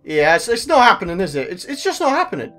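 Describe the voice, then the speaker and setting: A man with a British accent giving excitable let's-play commentary as a gaming video host, talking to himself, repeating phrases over and over and swearing mildly. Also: sits high, quick pace, soft background music. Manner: mild swearing, talks to himself.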